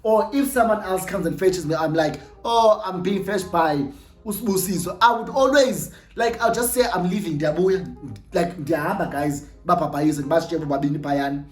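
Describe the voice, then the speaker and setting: A young South African woman with a Xhosa-flavoured accent, casually telling an animated story and switching between English and Xhosa. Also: lowish voice, normal speed, echoey room. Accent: South African, mixing in Xhosa. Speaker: storytime vlogger.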